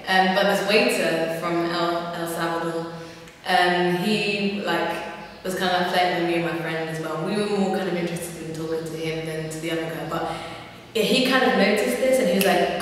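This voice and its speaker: A woman's voice: on the low side, slight background noise. A young woman vlogger chatting casually, telling funny stories with laughs and fillers. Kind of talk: casual storytelling. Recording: very echoey room, far from mic, faint ambience.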